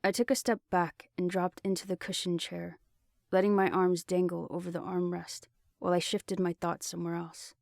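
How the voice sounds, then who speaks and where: A woman reads a first-person novel aloud in a low, gravelly voice. Her storytelling is even and steady. The recording is close and dry with no room sound. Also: moderate pace, no echo. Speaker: audiobook narrator. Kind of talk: first-person fiction reading.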